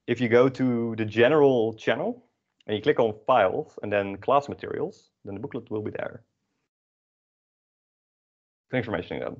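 A man's voice: medium pitch, normal speed, long pauses, highs cut off. A man teaching an online language class in a casual, self-mocking way, with many fillers.

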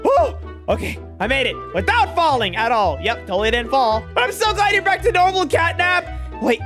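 A woman hosting an animated game video, talking excitedly and often panicking. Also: high-pitched, fairly quick, music in the background. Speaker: host. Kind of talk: excited narrated game role-play.

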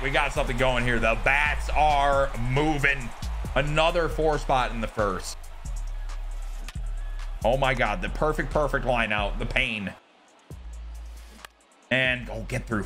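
A young man giving excited commentary over his own baseball video game, swinging between shouts and groans. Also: medium pitch. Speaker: gaming YouTuber.

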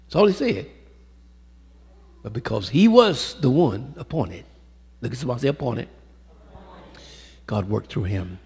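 A man preaching a sermon, swinging from loud calls to hushed storytelling and calling out to the congregation, in a church sanctuary. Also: medium pitch, sing-song, normal speed, vocal fry, long pauses, breathy edge. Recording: echoey hall with long reverb.

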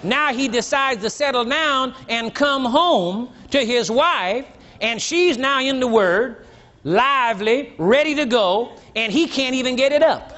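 An older man preaching a sermon to a congregation, teasing and blunt, rising to shouts and dropping low. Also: lively intonation, unhurried, a little hiss or hum. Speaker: pastor. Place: church. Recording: dull lo-fi church recording, faint crowd.

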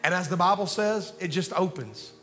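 Speaking at normal speed, a pastor moves animatedly from loud calls to quiet asides during his sermon. His bright, high voice resounds through a reverberant hall, with faint music underneath.

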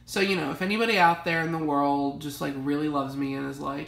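Young woman, casual vlog chat, gushing and rambling, gravelly low voice, echoey room. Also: animated, brisk, hardly any pauses, fairly bright tone. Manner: chatty, gushing, rambling with many fillers. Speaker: vlogger showing a collection. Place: home library.

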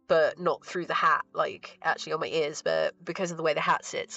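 A woman with a lowish, gravelly voice chats casually as she crafts, rambling and thinking aloud. The stream audio is a little dull and lo-fi. Faint, soft music plays behind her. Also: moderate pace, few pauses. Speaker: crafting livestreamer. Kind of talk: casual chat while crafting. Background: soft relaxing music.

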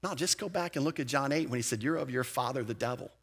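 A man preaching a sermon as pastor, in a lively, conversational way with casual asides. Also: medium pitch, quick pace, slightly rough. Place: church sanctuary.

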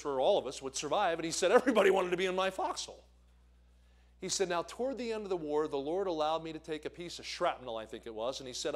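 A man from the American Northeast preaching a sermon as a visiting evangelist, telling stories and putting questions to the congregation. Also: high-pitched. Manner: storytelling, asks the congregation questions. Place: church sanctuary.

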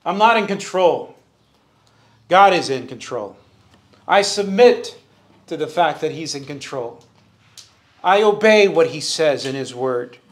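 Earnest preaching man, fairly high voice. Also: lively intonation, a little slow, pauses often. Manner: earnest preaching, rising for emphasis, calls on the congregation to answer. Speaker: Bible teacher. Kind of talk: verse-by-verse sermon. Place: church sanctuary.

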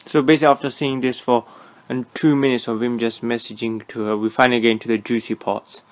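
A man's voice: medium pitch, level tone, fast talker, slight background noise. A young man mocks the video he is reacting to, dry and sarcastic. His voice sits in a plain middle range. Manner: sarcastic, mocking. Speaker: reaction YouTuber.

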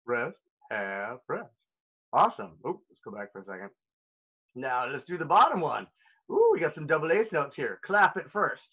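A man's voice: medium pitch, sing-song, moderate pace, slightly rough, muffled recording. A man teaching a recorded elementary music lesson, upbeat and playful as he talks straight to young children.

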